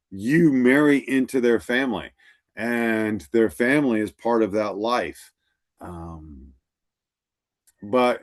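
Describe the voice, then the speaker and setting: A middle-aged male instructor lecturing to a class, telling stories and acting out the dialogue. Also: medium pitch. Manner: storytelling, acts out quoted dialogue.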